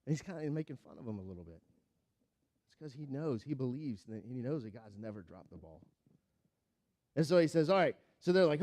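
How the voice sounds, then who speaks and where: A man preaching a sermon, telling a Bible story with lively acted-out voices and then dropping to a quiet, earnest tone. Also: mid-range voice, fairly quick, pauses often. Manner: animated storytelling, acting out the characters with big swings in loudness; drops to a quiet, earnest tone when applying the lesson. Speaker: pastor.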